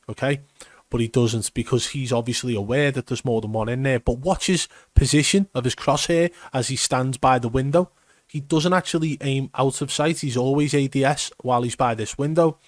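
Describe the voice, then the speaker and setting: A man's voice: mid-range voice, moderate pace, no room sound, clean studio sound. A man giving an emphatic, step-by-step commentary on gameplay footage. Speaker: gaming commentator. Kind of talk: video breakdown commentary.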